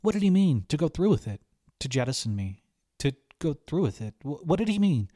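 A man's voice: medium pitch, expressive, normal speed, dark tone, no room sound, studio quality, pitched above the performer's own voice, close to an everyday voice. A man voicing an earnest young girl stowaway, speaking in a raised, pleading voice. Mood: panicked.

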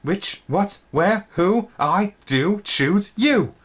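Man voicing a lost boy for a storybook reading, high pitched, breathless, anxious and stubborn. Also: animated, drawn-out words, breathy edge, heavily acted. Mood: giddy. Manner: raised pitch, breathless and exclaiming.

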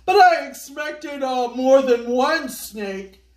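A woman reading aloud voices a sly, greedy rich man who bellows and cackles in a drawn-out way. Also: high voice, lively intonation. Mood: flustered. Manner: loud, drawn-out villain shouts and cackles. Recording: echoey room, voice from a distance.

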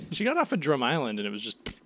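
Man, podcast co-host, casual chat, swears and laughs, voice swings up and down a lot. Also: mid-range voice. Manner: laughing, profane, animated.

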